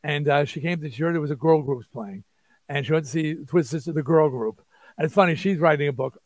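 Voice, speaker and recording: A man, telling an animated, rambling story as an interview guest and acting out quotes. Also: on the high side, fast, no room sound. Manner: rambling, restarts, acts out quotes. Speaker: interview guest, rock singer.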